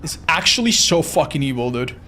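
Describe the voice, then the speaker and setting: A man's voice: a little high, sing-song, brisk, pushed and bright. Young male streamer, casual foul-mouthed play-by-play, noisy game audio behind. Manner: swears often, frustrated outbursts. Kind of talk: live gameplay commentary.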